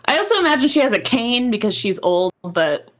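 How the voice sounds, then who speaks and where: A woman's voice: fairly high pitch, big pitch swings, brisk. Cheerful woman playing a tabletop game. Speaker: player.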